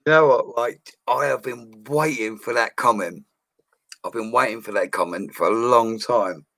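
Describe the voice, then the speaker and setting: A man's voice: lowish voice, a little slow, pushed and bright, no echo. A man chatting casually on a live stream, upbeat and slangy, laughing often as he reads viewer comments. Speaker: livestream host reading viewer comments. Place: home studio.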